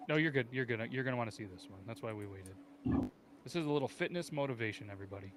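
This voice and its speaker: A man hosts a casual podcast and trades easygoing banter with his co-hosts. His voice sits at a middle pitch, and faint noise runs underneath. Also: lively intonation, very fast, a bit bright. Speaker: podcast host.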